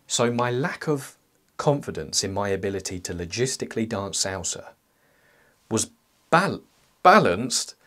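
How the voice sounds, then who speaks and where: A man's voice: on the low side, fairly bright tone. A young man talking to his own channel's viewers in a scripted self-help monologue, joking as he goes. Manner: playful, jokey asides.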